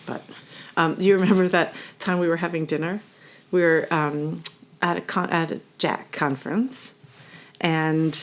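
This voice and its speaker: Woman, podcast co-host; slightly low voice, lively, chatty storyteller. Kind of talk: casual conversational chat.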